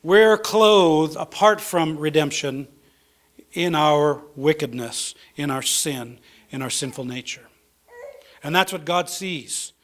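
A man preaches a sermon in a church, his voice sitting slightly higher than most men's. He reads scripture aloud, stops for fillers, then drives his key points home by saying them twice. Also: slow, fairly bright tone. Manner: preaches with rising emphasis, repeats key phrases. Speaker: pastor.

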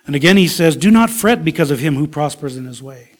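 A man preaching a sermon in a slow, emphatic way, dropping at times to a soft whisper. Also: a little high, lively intonation. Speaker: pastor.

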